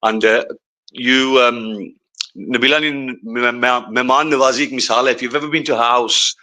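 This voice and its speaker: A man co-hosting a live community event at a venue, speaking through a stand microphone in a measured way and slipping words of another language into his English. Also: medium pitch, fairly even intonation, sharp tone, poor audio. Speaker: co-host. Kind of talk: live speech to an audience.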